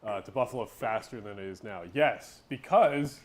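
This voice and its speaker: A man's voice: lowish voice, moderate pace. A man in casual podcast chat who talks loosely, full of fillers and the odd swear word, while reading out viewer questions.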